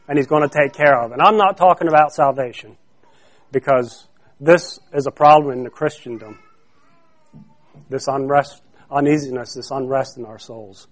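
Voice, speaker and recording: A man with a notably high voice delivers a sermon as a pastor in a church. He keeps it conversational, often doubling back on his own phrases and pausing to ask the congregation to call out the missing word. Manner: conversational preaching, quizzes the congregation to fill in words; repeats and restarts phrases.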